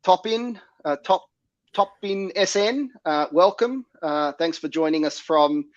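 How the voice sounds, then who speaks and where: A man with a raspy, somewhat high voice and a sore throat hosts a casual livestream. He speaks in a relaxed way, full of ums and uhs. His mic sounds dry and dull. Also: unhurried, no room sound. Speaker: host.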